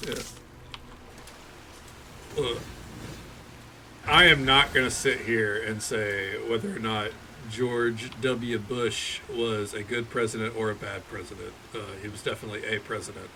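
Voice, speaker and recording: Gravelly man rambling over gameplay. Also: lowish voice, steady tone, a little slow, pauses often, sharp tone, a little hiss or hum. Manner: rambling, frequent cursing and restarts. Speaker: streamer. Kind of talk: casual gaming commentary.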